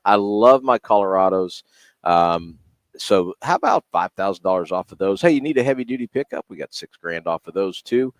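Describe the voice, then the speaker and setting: A deep-voiced man talks up trucks on a radio show. His speech is relaxed and full of little fillers. The sound is dry and close-miked. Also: moderate pace, dry recording. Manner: easygoing, hesitant, filler-heavy. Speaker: car dealership representative on radio. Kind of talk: casual radio chat and sales pitch.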